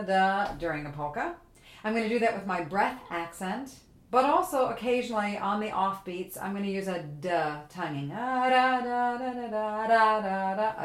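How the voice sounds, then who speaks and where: A woman host giving a casual spoken music lesson, explaining step by step and now and then singing phrases of the tune on syllables. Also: medium pitch. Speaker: music teacher and podcast host. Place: home kitchen.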